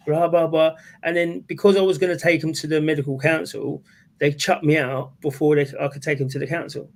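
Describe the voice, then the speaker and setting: A man's voice: fairly high pitch, fairly even intonation, a little fast. A man on a panel discussion talking bluntly and indignantly in casual chat. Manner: indignant, blunt, with frequent agreeing interjections. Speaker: panel guest.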